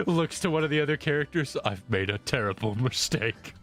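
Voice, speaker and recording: A man chatting casually on a stream about tabletop characters, animated and laughing as he acts out lines. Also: a little high, moderate pace, soft background music.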